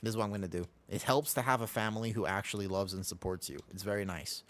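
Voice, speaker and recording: A man's voice: lowish voice, quick pace. An American man chatting casually on a live stream while gaming, rambling along and humming to himself on a desk mic. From United States.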